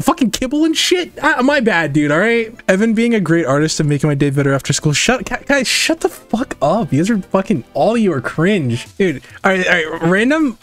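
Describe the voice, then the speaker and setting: A young man hosting a casual live art stream. His voice sits high and moves a great deal as he reads chat aloud and argues back, cursing freely. His talk is loose and full of fillers. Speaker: streamer and digital artist.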